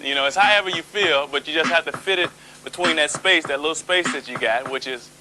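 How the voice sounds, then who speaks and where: A man's voice: on the high side, fairly quick. A man casually explaining a rhythm, counting beats aloud, laughing often and saying "you know" a lot. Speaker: guest bassist. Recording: loud music playing under the voice.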